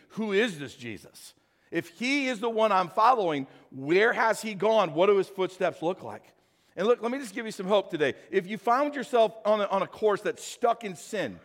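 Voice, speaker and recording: A man preaching a sermon as pastor, emphatic, swinging between loud bursts and quiet asides, recorded in an echoey hall. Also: high voice.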